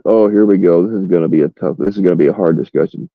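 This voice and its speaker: A man with a very low, gravelly voice hosts a livestream, chatting loosely and rambling from one thing to the next, swearing freely. The recording is dull and lo-fi. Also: quick pace, few pauses, no room sound. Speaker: livestream host. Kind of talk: casual livestream chat.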